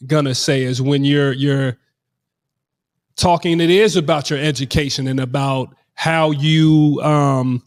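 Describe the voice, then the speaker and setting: A man co-hosting a podcast in casual discussion, talking earnestly and emphatically with halting restarts and fillers. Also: fairly high pitch, fairly even intonation. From US West Coast. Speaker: podcast co-host.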